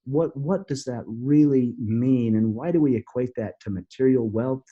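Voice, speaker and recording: Earnest man with a husky voice. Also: medium pitch, lo-fi sound. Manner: earnest, halting with many restarts. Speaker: podcast guest. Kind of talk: storytelling in an interview.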